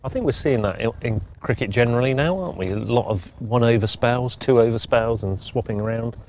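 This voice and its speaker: A man's voice: medium pitch, a little fast, darkish tone. A man co-commentating cricket live, agreeable and hesitant with lots of ums. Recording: faint background noise.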